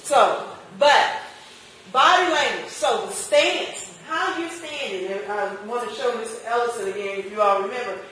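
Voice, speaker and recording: Female instructor, lively classroom lecture, distant mic, heavy room echo, faint background hiss. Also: a little high. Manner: lively, questions the class and acts out customer exchanges. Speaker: marketing instructor. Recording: echoey room picked up from a distance.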